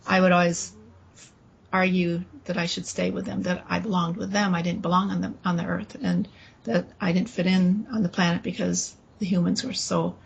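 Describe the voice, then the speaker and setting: A woman recounting a personal experience in an interview, talking haltingly with restarts and quoting dialogue, with faint noise behind her. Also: lowish voice, flat delivery, vocal fry, highs cut off.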